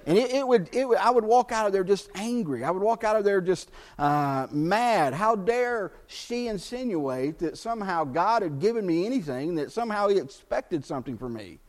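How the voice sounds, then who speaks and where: A middle-aged man preaching a sermon as pastor, telling a personal story earnestly and dropping to a hush when quoting scripture. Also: high-pitched, lively intonation, moderate pace, hardly any pauses.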